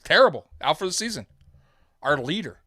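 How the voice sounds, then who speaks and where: A man's voice: fairly high pitch, sing-song, fairly quick, pushed and bright, slightly rough, dry recording, clean studio sound. A man hosting a live sports show, talking straight to his viewers in a heated, rambling fan commentary.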